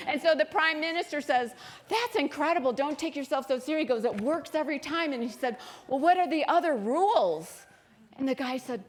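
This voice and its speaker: Woman preaching a warm storytelling sermon. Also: high voice, expressive, brisk. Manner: storytelling, laughs at herself. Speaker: minister. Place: church sanctuary.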